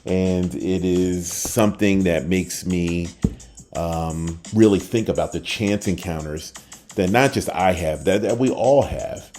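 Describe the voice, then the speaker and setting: An older man hosting a short podcast, telling a personal story in a casual, lively way and acting out the people he quotes. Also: low voice, slow pace, soft background music. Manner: animated, acts out quoted voices, trails off at the end. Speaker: podcast host.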